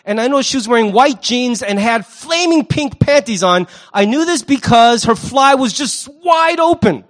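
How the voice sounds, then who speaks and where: A pastor preaching a sermon, animated, acting out the voices he quotes and repeating words as he starts a thought. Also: very high-pitched, normal speed.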